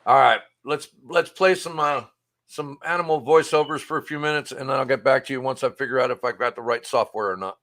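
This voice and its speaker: A man's voice: medium pitch, brisk, fairly bright tone. A man hosting a livestream in casual chat, hesitant and fumbling as he troubleshoots his setup. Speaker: livestream host.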